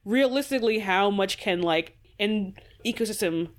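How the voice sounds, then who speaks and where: A woman's voice: mid-range voice, expressive, moderate pace. A woman co-hosting a podcast in casual discussion, rambling with restarts, sighs and swearing. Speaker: podcast co-host.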